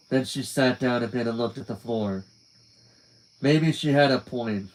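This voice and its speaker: Young guy reading a book out loud at night, laid back, crickets going outside. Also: mid-range voice, measured pace, low-quality recording. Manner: casual, laughs and swears in asides. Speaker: reader. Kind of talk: live reading of a novel aloud. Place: quiet room at night.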